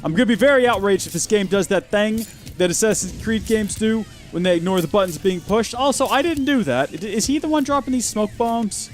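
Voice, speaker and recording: A man's voice: high voice, lively intonation, a little fast, soft background music. A man hosting a gaming video, giving chatty, wry and sarcastic commentary as he plays. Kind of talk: let's play commentary.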